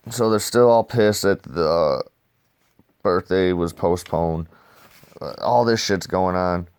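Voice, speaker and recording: A man's voice: low-pitched, slow pace, a little mellow, clean tone, no room sound. A man casually reviewing comics in rambling, slangy talk, throwing in "dude" and swearing freely.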